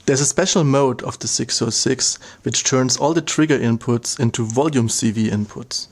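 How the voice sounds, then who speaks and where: A man's voice: mid-range voice, a little mellow. A man narrating an instructional demo, walking through each step in a plain, methodical way. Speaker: product demonstrator.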